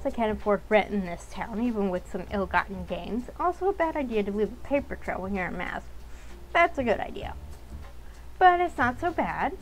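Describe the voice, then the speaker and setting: A woman's voice: medium pitch, a little hiss or hum, natural voice, poor audio. A woman voicing a young female grifter supervillain, reading her lines from a visual novel aloud with wry, self-deprecating asides.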